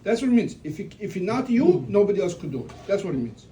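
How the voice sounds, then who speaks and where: Man, distant and mellow. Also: high voice, sing-song, quick pace. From Russia. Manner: storytelling, restarts and rhetorical questions. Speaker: family member giving a eulogy. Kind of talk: informal religious talk at a family gathering. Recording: distant mic with faint room noise.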